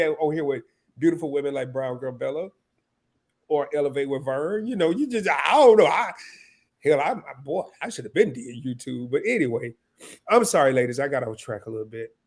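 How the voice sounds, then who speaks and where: A man in his fifties hosting a live stream, casual and emotional, sniffling and stammering through restarts as he talks. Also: fairly high pitch. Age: 50s.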